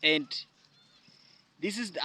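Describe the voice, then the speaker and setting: A man's voice: fairly high pitch, slow, bright, forceful tone. A man hosting a commentary channel, speaking enthusiastically with loose grammar and frequent fillers. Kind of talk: casual commentary.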